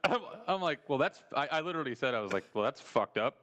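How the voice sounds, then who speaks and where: A man tells stories on a casual podcast, swearing freely and acting out the people in his anecdotes. His voice sits at an ordinary middle pitch. He is relaxed, talkative and full of energy as he tells the tale. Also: fast talker. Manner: profane, animated storyteller who acts out quoted people. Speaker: podcast host. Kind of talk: casual storytelling chat.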